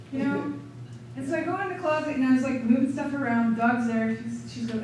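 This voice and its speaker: A woman's voice: high-pitched, normal speed, noisy background. Chatty woman seminar leader, echoey distant mic. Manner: chatty, animated storyteller who acts out her inner thoughts. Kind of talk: teaching through a personal story.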